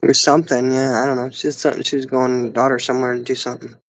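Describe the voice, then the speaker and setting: A woman's voice: extremely low pitch, flat delivery, racing, no echo, rough recording. A woman co-hosting a casual livestream chat, telling stories and laughing often. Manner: giggly storyteller, laughs often. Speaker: livestream co-host.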